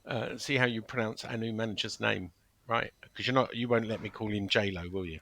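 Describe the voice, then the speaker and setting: A man's voice: on the low side, steady tone, brisk, gravelly, bright, forceful tone, dry recording. A man hosting a podcast in casual chat, jokey and often stumbling over his words. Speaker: podcast host.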